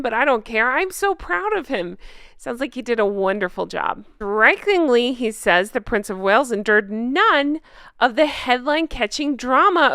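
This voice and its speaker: A woman's voice: on the high side, fairly bright tone, clean tone, no echo, studio quality. A woman hosting a casual commentary vlog, sarcastic and gossipy, laughing often and reading articles aloud. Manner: reads news articles aloud. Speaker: royal commentary channel host.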